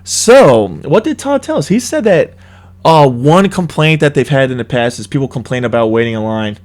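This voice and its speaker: A young man co-hosting a casual chat, excitedly retelling a scary trip with lots of swearing. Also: medium pitch, moderate pace. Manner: excited, swears a lot, animated storytelling. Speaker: co-host.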